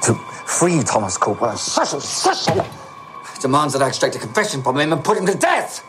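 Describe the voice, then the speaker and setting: A cornered tv drama man, hushed and strained, pitch jumping around, score playing under him. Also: wildly swooping pitch, fairly quick. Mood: tense. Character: agitated man, cornered and fearful of his father. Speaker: troubled male lead in a TV drama. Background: music score.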